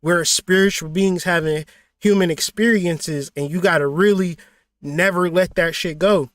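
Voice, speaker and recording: A man's voice: high voice, unhurried, fairly bright tone, dry recording, clean studio sound. A man hosting a motivational livestream talk, blunt and profane, preaching with rhetorical questions. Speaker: spiritual teacher and channel host.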